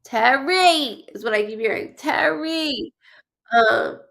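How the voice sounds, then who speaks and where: A woman hosting a live psychic reading stream, halting and stuffed up from crying, calling out names and letters to viewers. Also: medium pitch, lively intonation, vocal fry. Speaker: psychic medium host.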